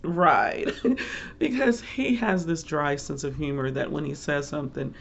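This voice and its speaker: A middle-aged woman chatting casually as a book vlogger, rambling warmly through her thoughts and laughing along the way. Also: deep voice, fairly even intonation, normal speed, gravelly, lo-fi sound, a little hiss or hum. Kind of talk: casual chat.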